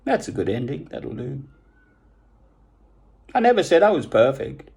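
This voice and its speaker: A man with a husky voice, talking in a rambling, digressive monologue, self-deprecating and often chuckling. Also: medium pitch, sing-song, measured pace, darkish tone.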